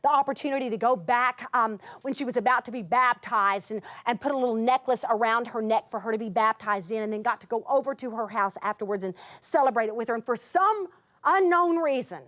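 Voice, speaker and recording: A middle-aged woman telling a heartfelt story in a talk, expressive, moving between lively and hushed. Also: fairly high pitch, fairly quick. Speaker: Bible teacher.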